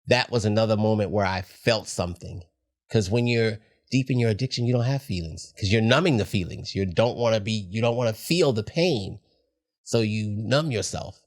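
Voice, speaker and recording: A man's voice: fairly low pitch, moderate pace. A middle-aged man, a podcast guest, talking candidly in a reflective, heartfelt way. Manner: reflective, heartfelt, soft-spoken at times.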